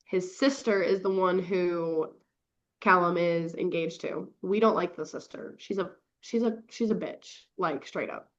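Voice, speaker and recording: A young woman hosting a podcast and recapping books in casual chat, gushing and swearing with quick bursts of laughter. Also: on the low side. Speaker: podcast host. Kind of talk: casual book review chat. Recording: dull lo-fi recording.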